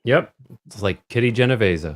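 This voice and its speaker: Man, podcast co-host, steps through the plot, dry quips, even-keeled. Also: medium pitch, moderate pace, slight background noise. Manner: retells plot in order, dry asides. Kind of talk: casual movie-review chat.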